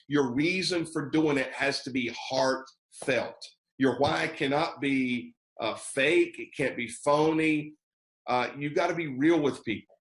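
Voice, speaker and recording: Emphatic American sales trainer, roomy sound. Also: male voice, fairly high pitch, slow pace, fairly bright tone. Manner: emphatic, repeats key phrases, acts out sample calls. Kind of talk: motivational sales training talk. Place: video call training session.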